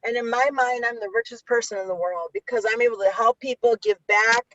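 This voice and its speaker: A woman's voice: fairly high pitch, fairly quick, a bit bright, no echo. A woman with a Chicago accent, an author and youth interventionist, talking candidly in an interview, blunt and profane, with many restarts. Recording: dull lo-fi audio.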